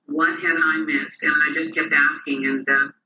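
Faint music plays behind an interview guest who tells personal stories in a medium-pitched voice at a moderate clip. He animatedly impersonates the people in his tales, and the recording sounds roomy and far off.

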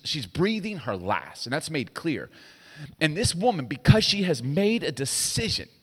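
A middle-aged man preaching a sermon, telling stories with lively swings from hushed to loud. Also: mid-range voice. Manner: animated storytelling, swinging between hushed and loud. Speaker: pastor. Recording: long hall reverb.

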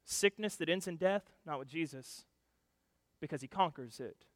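Male pastor, sermon, high voice, animated storytelling, loud and hushed, dry close mic, long hall reverb. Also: normal speed.

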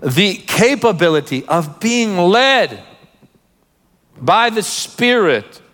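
A man's voice: high-pitched, sing-song, takes it slowly, fairly bright tone. Emphatic male preacher in a reverberant hall. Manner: emphatic, with laughing asides and pleas to listen. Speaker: pastor. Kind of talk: sermon.

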